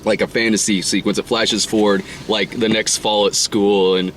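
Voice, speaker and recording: A man co-hosting a casual movie review chat, rambling and swearing, often laughing and putting on high voices to act out scenes. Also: flat delivery, moderate pace, a bit bright, slight background noise. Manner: rambling, profane, laughs often, acts out lines in falsetto. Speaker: podcast co-host reviewing a movie.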